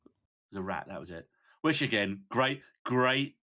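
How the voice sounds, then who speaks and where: A man's voice: lowish voice, lively intonation, normal speed, bright, forceful tone. A man co-hosting a film podcast, chatting casually with dry, teasing banter. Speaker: podcast co-host. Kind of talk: casual film review chat.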